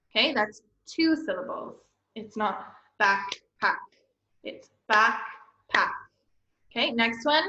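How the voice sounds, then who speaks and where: A woman's voice: fairly high pitch, sharp tone. A woman teacher giving a recorded online lesson to young children, speaking patiently and encouragingly and often checking in with "okay?". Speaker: elementary school teacher. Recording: echoey room, slightly dull lo-fi audio.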